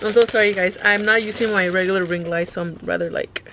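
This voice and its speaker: A young woman vlogging at home, chatty and excitable, gushing to her viewers as she unboxes. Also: medium pitch, quick pace, noisy background. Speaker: beauty vlogger. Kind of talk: casual unboxing vlog.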